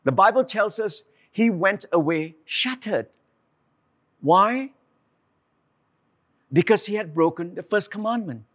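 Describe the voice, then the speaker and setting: A man preaching a sermon, telling the story with animated asides and acted-out quotes. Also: sits high, slow pace, pauses often.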